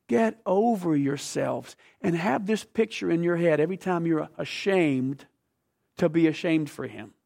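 Gravelly emphatic male preacher. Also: a little high, a little slow. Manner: emphatic, swings between loud and soft, asks the room questions. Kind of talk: sermon.

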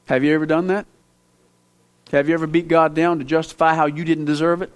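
A male preacher delivering a sermon to his congregation in a fairly high voice. He speaks to them as if in conversation, asking pointed questions, then surges to loud emphasis before dropping back to hushed asides. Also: steady tone, brisk, smooth. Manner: emphatic, with sudden loud rises and quiet drops; conversational, asks the listeners direct questions. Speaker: pastor.

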